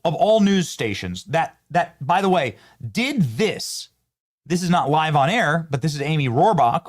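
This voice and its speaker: Male show host, animated pitch, emphatic, sarcastic delivery. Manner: emphatic, sarcastic rhetorical questions. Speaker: political commentary show host. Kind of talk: opinionated commentary.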